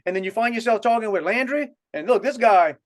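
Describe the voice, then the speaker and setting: A man's voice: sits high, lively intonation, fast talker. A man with a South Louisiana accent, co-hosting a podcast and telling a long, rambling story with many restarts. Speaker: podcast co-host. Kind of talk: casual storytelling chat.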